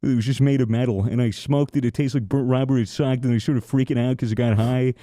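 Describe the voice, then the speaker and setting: A man's voice: mid-range voice, fairly even intonation, fast, mellow, dry recording, studio quality. A young man hosting a podcast, telling a long story in a rambling, profane, casual way with frequent restarts. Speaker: podcast host.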